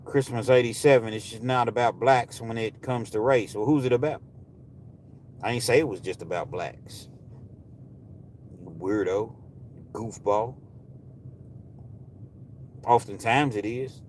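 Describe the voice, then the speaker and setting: A man hosting a live stream, talking straight to his viewers in a heated, preachy way that often rises to shouting. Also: medium pitch, normal speed, slight background noise. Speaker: livestream host.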